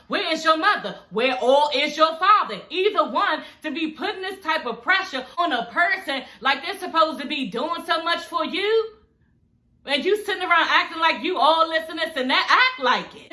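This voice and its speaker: A woman's voice: high-pitched, sharp tone, reverberant. A woman giving casual, sassy, profane reaction commentary on a reality show, talking straight to her viewers. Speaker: vlogger reviewing a reality show.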